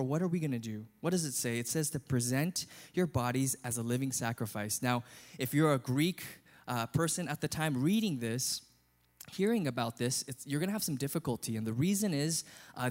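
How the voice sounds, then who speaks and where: A male pastor preaching a sermon in an earnest, conversational way. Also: on the high side.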